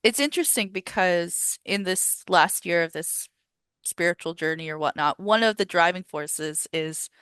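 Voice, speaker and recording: A woman's voice: lowish voice, moderate pace, a bit bright, clean tone, dry recording. A woman who is a guest on a podcast, chatting casually in an earnest, enthusiastic way and often repeating words. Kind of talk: casual chat.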